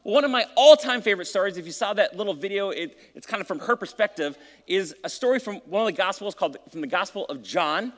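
A high-pitched male pastor gives a casual, joking sermon to his church. His voice rings through a church sanctuary with a long hall reverb. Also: animated, fast, hardly any pauses. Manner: casual and joking, then reading scripture and praying.

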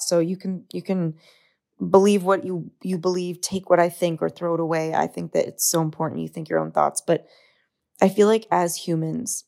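Gravelly-voiced earnest woman podcaster. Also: fairly low pitch, darkish tone. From United States. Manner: earnest, open, confiding. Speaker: podcast host. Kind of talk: solo reflective podcast monologue.

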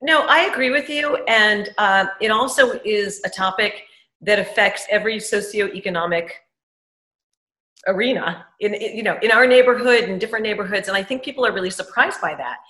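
A woman from Manhattan co-hosts a casual interview, chatty and enthusiastic, her voice bright and sharp. The sound is echoey, like a hard-walled room. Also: medium pitch, a little fast. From Upper East Side, Manhattan. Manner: chatty, laughs often, enthusiastic. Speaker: show co-host.

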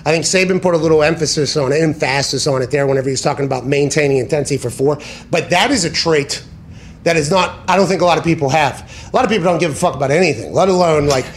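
A man with a fairly high, fast voice hosts a sports talk show, with a little hiss or hum in the audio. He talks casually, emphatically and profanely, going off on tangents and often correcting himself mid-sentence.

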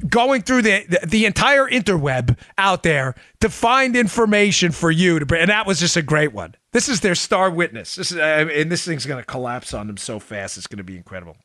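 A man hosting a political talk show, giving opinionated commentary full of sarcasm and mocking quotes, rising to loud outbursts and dropping to low asides. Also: no echo, clean studio sound.

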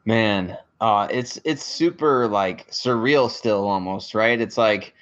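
A man who covers the team, talking on a sports podcast in casual chat, halting and full of filler words. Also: fairly low pitch, a bit bright, dull audio. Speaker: podcast guest and team reporter.

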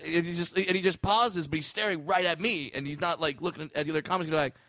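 A comedian man spins a story in loose podcast chat, stumbling over restarts and breaking into laughter. His voice sits a little high for a man. The sound is dry and close, with no room around it. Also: steady tone, quick pace, bright, forceful tone, dry recording.

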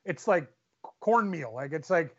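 A man's voice: a little high, expressive, unhurried. A man co-hosting a casual sports podcast, chatty and agreeable, often chiming in with "yeah". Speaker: podcast co-host. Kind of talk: casual chat. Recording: dull lo-fi audio.

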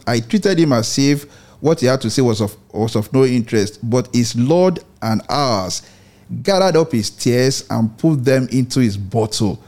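Male study-group leader, mid pitch, reflective, halting delivery. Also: dark tone. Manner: reflective, many fillers and restarts. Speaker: book club leader. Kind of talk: online Bible study discussion.

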